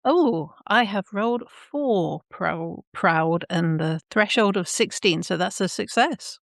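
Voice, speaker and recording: A woman plays a knight in a tabletop game and describes his deeds at a slow, unhurried pace. Her voice is mid-pitched, and the recording is dry and close. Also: creaky, dry recording. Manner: unhurried, animated storytelling. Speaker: player. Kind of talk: tabletop role-play.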